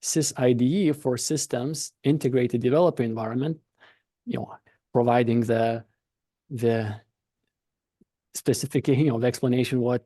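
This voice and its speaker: A man with a Lithuanian accent speaks as a podcast guest, explaining in a calm, considered way and sometimes circling back to rephrase. His voice is warm and mellow. The sound is close and dry, with no room around it. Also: medium pitch, no echo. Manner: thoughtful, explanatory, with frequent restarts. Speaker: podcast guest, company founder. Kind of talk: conversational interview explanation.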